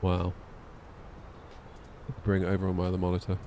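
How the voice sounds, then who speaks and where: A man talks casually to his stream audience while flying, wry and a bit tired. His voice sits low and sounds mellow and warm. A faint hiss runs beneath it. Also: monotone, moderate pace. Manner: chatty, wry, reads out chat messages. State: yawning, tired. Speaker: flight sim streamer. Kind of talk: casual live-stream chat.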